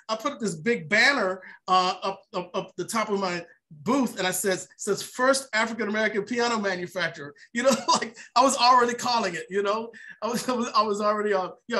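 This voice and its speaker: Animated man telling a story, bright voice. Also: high voice. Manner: animated storyteller, acts out quotes, laughs often. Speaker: piano maker and inventor. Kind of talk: storytelling in an interview.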